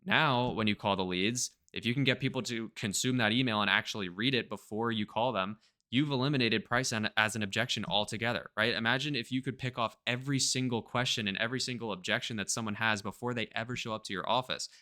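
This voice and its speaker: A man's voice: medium pitch, fast talker. A man teaching marketing straight to camera, energetically checking in with his listeners. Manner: energetic, checks in with "right?" and "okay?". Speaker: marketing coach.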